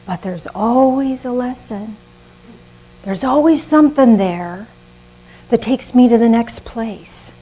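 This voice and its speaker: An older woman preaching a sermon in a lively, conversational way, often laughing at herself. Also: on the high side, slow pace, breathy edge, rough recording. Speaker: minister.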